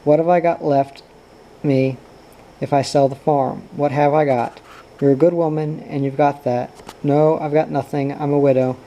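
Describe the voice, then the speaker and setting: A man's voice: fairly high pitch, little pitch movement, normal speed, warm tone, lo-fi sound, close to an everyday voice. A man reading as a weary old farm widow. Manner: plainspoken and mournful. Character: older widowed farm woman, weary and pious.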